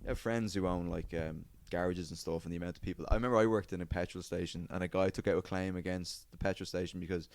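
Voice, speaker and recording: Low-voiced man telling a story. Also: steady tone, fast, few pauses, darkish tone, no echo. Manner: swears a lot, acts out quotes in a raised voice. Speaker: podcast co-host. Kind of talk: casual chat, storytelling.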